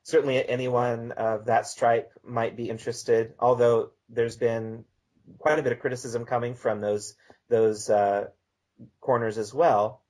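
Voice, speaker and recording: Casting: man, mid-pitched, calm and measured interview guest. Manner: measured, reads a text aloud slowly. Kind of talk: conversational podcast interview.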